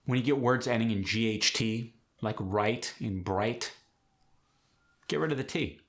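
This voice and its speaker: A man hosting an accent lesson, explaining pronunciation rules in a clear, step-by-step way. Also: mid-range voice, measured pace, a bit bright. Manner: clear, step-by-step instructive delivery. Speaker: accent coach and channel host. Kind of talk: instructional explanation.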